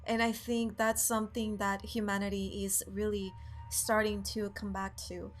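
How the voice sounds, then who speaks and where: A woman's voice: medium pitch, little pitch movement, normal speed, faint music behind. A young woman co-hosting a spiritual chat, talking in an impassioned, emphatic way. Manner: impassioned, emphatic, builds to emotion. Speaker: co-host.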